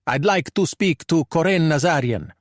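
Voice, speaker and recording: Man doing a cool Italian-accented thief, dry understated replies, a bit raised pitch, dry close audiobook sound. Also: expressive, normal speed, no echo. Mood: insistent. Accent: put-on Italian accent in English. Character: male undercover operative posing as calm Italian thief.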